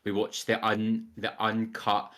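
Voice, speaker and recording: A young adult man co-hosts a podcast in a slow, completely flat delivery, his voice fairly low and a bit bright. The talk is casual and enthusiastic, rambling with many fillers and animated quoting of voices.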